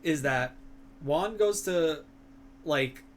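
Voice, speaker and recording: A man's voice: fairly high pitch, animated, drawn-out words, slight background noise. A young man chatting casually as a stream co-host, telling long rambling stories full of fillers and crude words. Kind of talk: casual chat.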